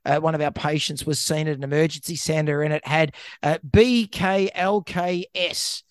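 Joking man, high voice. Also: steady tone, moderate pace, smooth, no echo, clean studio sound. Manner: joking, stumbles and repeats words. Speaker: veterinarian co-host. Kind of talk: casual chat.

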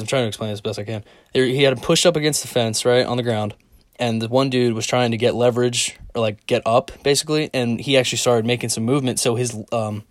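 A man's voice: mid-range voice, no echo. Rambling, profane young man, dry sound. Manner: rambling, profane, lots of "like" fillers. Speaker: vlogger. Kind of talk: casual monologue.

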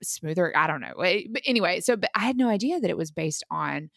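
A woman with a lilt talks on a podcast in a low, gravelly voice full of vocal fry. She rambles, circles back and restarts her thoughts, and the sound is close and dry. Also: lively intonation, quick pace, fairly bright tone, no echo. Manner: rambling, many fillers and restarts. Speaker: podcast co-host. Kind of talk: casual podcast chat.

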